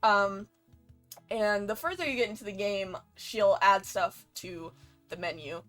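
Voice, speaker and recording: A woman's voice: medium pitch, unhurried, fairly bright tone, soft background music. A woman hosting a let's play, with casual gameplay commentary, bubbly and playful, rambling with many fillers.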